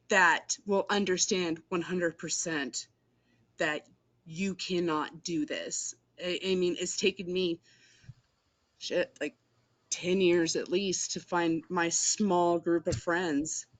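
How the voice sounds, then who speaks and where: A support group member speaking in a casual video-call chat, supportive and thoughtful, with reflective pauses. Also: mid-range voice, a bit bright.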